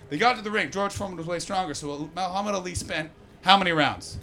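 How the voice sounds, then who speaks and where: A man performing a stand-up comedy set on stage before a live audience, profane and animated, teasing the crowd. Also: high-pitched, fast, few pauses.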